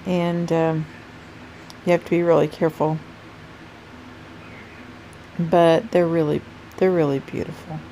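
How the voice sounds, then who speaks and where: A woman's voice: deep voice, little pitch movement, measured pace, long pauses, dark tone, slight background noise, low-quality recording. A woman vlogging casually about nail stamping from her home craft room, chatty and rambling, sounding sleepy. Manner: chatty, rambling, self-correcting. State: sleepy, yawning. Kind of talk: casual chat to camera.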